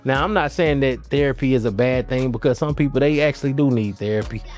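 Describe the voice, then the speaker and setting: A man's voice: mid-range voice, fast, a little mellow. A man hosting his own channel, talking casually to camera in a rambling, slangy way with frequent restarts. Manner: rambling, restarts often, loose slangy talk. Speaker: channel host. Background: faint guitar music.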